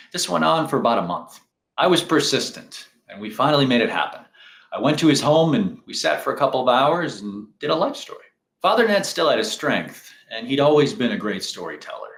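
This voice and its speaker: A man narrating a personal memory in a plain, measured, heartfelt way, as the interviewer. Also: medium pitch, fairly bright tone, echoey room.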